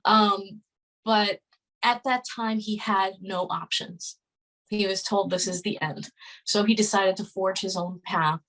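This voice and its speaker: A woman's voice: mid-range voice, steady tone, takes it slowly, fairly bright tone, low-quality recording. A woman in her thirties speaking as a podcast guest, telling a story casually and earnestly, with many fillers and restarts. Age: 30s.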